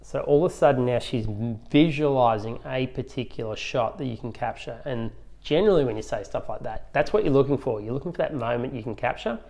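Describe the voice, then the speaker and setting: Guy walking through how he runs photo client consultations, chatty, mid pitch, acts out little bits of dialogue. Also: lively intonation, a little fast, gravelly, a little mellow. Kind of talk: instructional talk.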